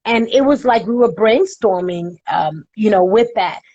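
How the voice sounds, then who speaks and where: A woman guest in a casual interview chat, talking in an earnest, measured way. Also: mid-range voice, lively intonation, warm tone, dry recording, lo-fi sound.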